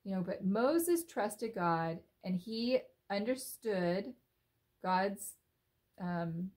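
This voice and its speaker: Animated woman telling a children's Bible story. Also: mid-range voice, extremely slow. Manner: animated, expressive, asks listeners questions.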